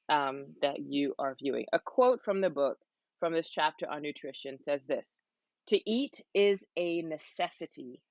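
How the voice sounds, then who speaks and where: A woman's voice: deep voice, dry recording, lo-fi sound. A woman hosting a live-streamed health seminar from home, chatting casually and putting questions to her viewers. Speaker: host of a health seminar series.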